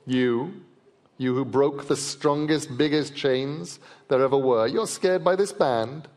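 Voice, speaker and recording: A man's voice: mid-range voice, slow, a little mellow, natural voice. A man reading aloud and voicing a mighty male thunder god who sounds incredulous and mocking. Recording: long reverb of a large festival hall.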